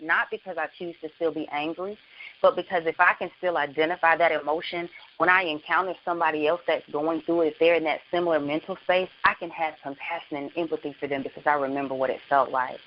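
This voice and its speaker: A woman's voice: sits low, fairly even intonation, quick pace. Earnest woman speaking with passion, muffled. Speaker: author and guest. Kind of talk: internet radio interview. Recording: muffled lo-fi with faint hiss.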